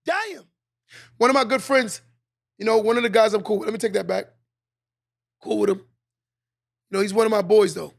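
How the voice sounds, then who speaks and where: High gravelly guy, preaching hard on his podcast, repeats himself for punch. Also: steady tone, brisk, pauses often, slight background noise. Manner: preachy, emphatic, repeats lines for effect. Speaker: podcast host. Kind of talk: motivational monologue.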